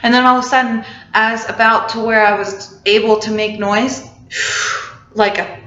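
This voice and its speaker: A woman's voice: on the high side, fairly even intonation, a little slow, a bit bright. Young woman chatting in an echoey room. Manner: chatty, many "like" fillers. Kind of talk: casual storytelling. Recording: roomy, slightly dull recording.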